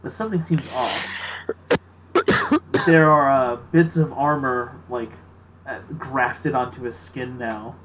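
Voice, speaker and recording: A man's voice: mid-range voice, steady tone, takes it slowly, long pauses, background noise. Easygoing man running a tabletop game. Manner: casual, filler-heavy, laughs easily. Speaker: game master.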